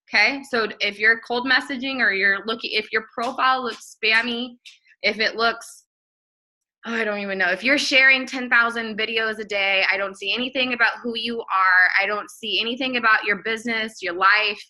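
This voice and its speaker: A woman's voice: a little high, pushed and bright, rough recording. A young woman giving a blunt, emphatic live training talk to her viewers, repeating phrases for emphasis. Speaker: network marketing trainer.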